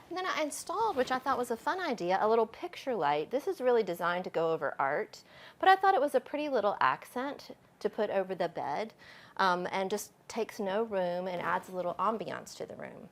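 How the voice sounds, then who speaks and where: A middle-aged woman, chatting casually while she shows guests around her home, with lots of fillers. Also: medium pitch. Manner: chatty and friendly, with frequent fillers. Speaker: homeowner giving a home tour. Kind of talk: casual home tour chat.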